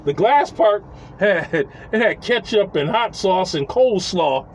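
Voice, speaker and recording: A man telling a casual, profane story, animated and chuckling as he acts out what people said. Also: sits high, slow pace, a little hiss or hum, low-quality recording.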